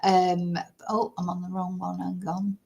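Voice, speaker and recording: A woman's voice: lowish voice, completely flat delivery, unhurried, creaky, darkish tone. A woman commenting casually on a true crime story during a live stream, rambling with many fillers.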